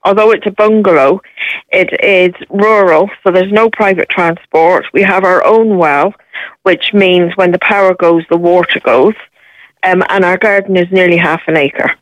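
An Irish woman calling in to a radio show, laying out her situation in a measured, matter-of-fact way. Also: lowish voice, no echo, highs cut off. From Ireland. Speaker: caller. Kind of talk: phone-in interview.

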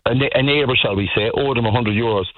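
A man's voice: medium pitch, quick pace. A middle-aged Irish man calling a radio show, telling stories in an earnest, rambling way and repeating himself. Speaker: caller. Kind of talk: radio phone-in chat. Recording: tinny phone line on radio.

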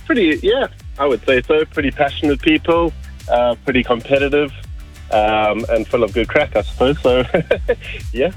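A man in his thirties with a South African accent, calling in to a radio show and chatting in a relaxed, hesitant way with many fillers. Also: mid-range voice, normal speed, soft background music, rough recording. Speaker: caller.

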